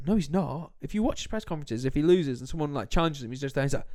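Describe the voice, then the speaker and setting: A young man, co-hosting a casual football podcast, animated and quick, acting out quotes as he goes. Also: mid-range voice. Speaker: podcast co-host.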